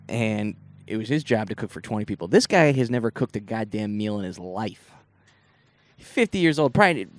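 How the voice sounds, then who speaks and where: A young comedian from Northeast Ohio tells rambling stories on his solo podcast, full of swearing and asides. His voice is lowish and the recording has no echo, in a casual storytelling style.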